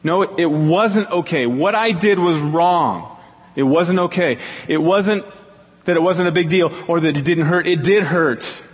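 A man's voice: measured pace, breathy edge. Earnest man preaching in a reverberant hall. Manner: storytelling, earnest, repeats phrases with emphasis; acts out quoted people in a higher voice. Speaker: pastor. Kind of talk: sermon.

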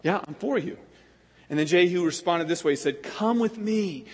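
A man, a pastor preaching a sermon with impassioned swings between loud exhortation and hushed prayer. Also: fairly high pitch, fairly quick, breathy edge. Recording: long hall reverb.

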